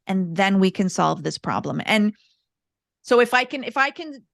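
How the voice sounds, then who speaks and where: A woman speaking as a podcast guest, explaining parenting steps calmly and often repeating words as she thinks. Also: mid-range voice, moderate pace, gravelly, no room sound, studio quality. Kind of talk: casual interview talk.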